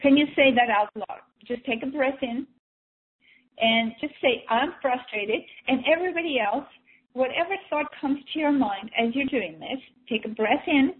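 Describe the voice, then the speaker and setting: A woman's voice: sits high, normal speed. Woman coaching breathing over tinny audio. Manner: gentle, coaxing, repeats and restarts phrases. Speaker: energy healer leading a breathing session. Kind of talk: guided breathing and emotional release session. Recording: tinny phone-like sound.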